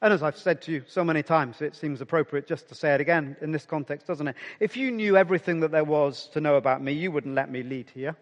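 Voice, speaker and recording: High-voiced preacher in a reverberant hall. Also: male voice, quick pace, few pauses. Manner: conversational preaching, dropping to soft near-whispers for emphasis. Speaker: pastor. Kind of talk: sermon.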